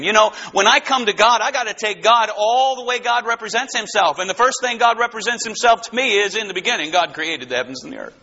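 A man preaching a fervent, excitable sermon who often bursts into shouts. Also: sits high, brisk, few pauses, slightly rough, lo-fi sound.

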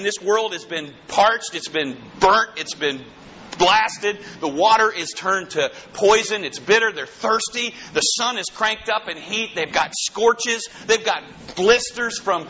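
A man preaching a sermon in an animated, dramatic way, rising to high shouts for emphasis. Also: lo-fi sound, slight background noise.

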